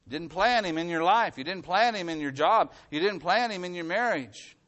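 A middle-aged man preaching a sermon as the pastor, building his points by repetition and swinging between loud emphasis and hushed, quiet passages. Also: sits high, expressive, normal speed, muffled recording.

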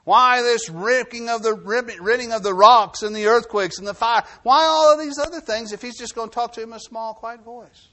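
A man preaching a sermon, reading scripture aloud and then explaining it, swinging between forceful bursts and low hushed phrases. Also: normal speed, few pauses. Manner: reads scripture then preaches with rising and falling intensity; drops to a low hushed voice for emphasis. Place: New Mexico.

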